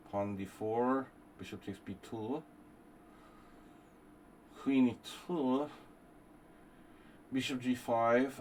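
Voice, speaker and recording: Male chess streamer, unhurried delivery, muses over variations, faint hum behind. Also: mid-range voice, darkish tone. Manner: thinks aloud, calculating move lines, rambling asides. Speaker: chess streamer hosting a simul. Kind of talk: live-stream commentary while playing.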